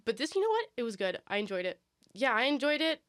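A young woman talks fast in a casual, rambling co-host chat, and she pokes fun at herself as she goes. Her voice sits close and dry, with no room sound around it. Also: a little high, very animated, a bit bright, clean tone, dry recording. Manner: chatty, rambling, self-deprecating.

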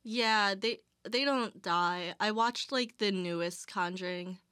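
A young woman chats casually as co-host, asking curious questions with plenty of hesitant fillers. Her voice sits at a middle pitch and sounds dry and close to the mic. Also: slow pace, bright, forceful tone, clear, resonant tone, no room sound. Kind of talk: casual chat.

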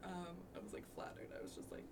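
A woman's voice: fast, a crowd in the background. A young woman from Canada, co-hosting a casual podcast chat, chatty and full of "like". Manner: chatty, heavy use of "like", laughs often. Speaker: podcast co-host.

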